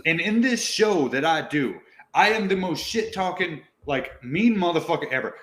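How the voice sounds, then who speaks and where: A man hosting a podcast with a slightly high voice that leaps up and down a lot. He vents and curses freely, and the sound bounces around a roomy space. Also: moderate pace. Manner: ranting, heavy swearing, animated. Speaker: podcast host. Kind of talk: profane casual chat. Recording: roomy echo.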